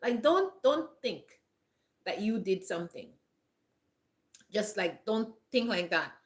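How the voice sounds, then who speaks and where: A woman's voice: mid-range voice, big pitch swings, takes it slowly. A woman vlogger giving earnest, chatty advice to camera, often repeating herself and restarting her phrases. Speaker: lifestyle vlogger. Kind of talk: casual advice talk to camera.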